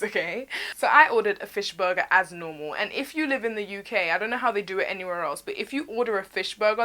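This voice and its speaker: A young woman with a British accent tells a story straight to camera. She is chatty and animated, at an ordinary middle pitch, and slips into voices for the people she quotes. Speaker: vlogger. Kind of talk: storytime vlog.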